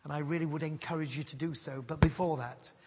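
A man's voice: a little high, steady tone, fast, darkish tone, slightly rough. A man preaching a sermon, telling a personal story and then earnestly pleading with his listeners. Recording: long hall reverb.

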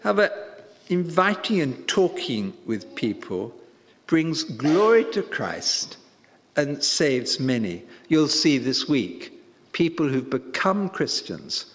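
Male preacher, emphatic and unhurried, pitch rising and falling widely, voice ringing in a reverberant hall. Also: big pitch swings, fairly bright tone. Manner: emphatic and deliberate, with rising stresses. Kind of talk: sermon.

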